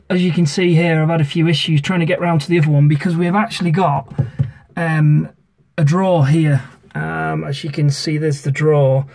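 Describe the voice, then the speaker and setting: A man's voice: on the high side, a little mellow. A man casually talking through a sink tap repair, rambling with many ums and self-corrections, filmed on a phone under a kitchen sink. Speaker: amateur DIY video maker. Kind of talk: casual how-to walkthrough.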